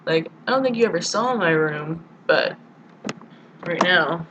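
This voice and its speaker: A woman's voice: lowish voice, animated, measured pace, muffled recording, noisy background. A young woman from the United States, chatting casually in a rambling, giggly video diary to a friend. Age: young adult. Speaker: vlogger.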